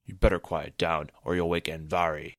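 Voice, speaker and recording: A man's voice: low-pitched, level tone, normal speed, fairly bright tone, no room sound, studio quality. A man voicing a scheming, commanding adult male figure in a storybook reading, speaking in a cool, demanding way with a faint edge of menace. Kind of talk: storybook narration.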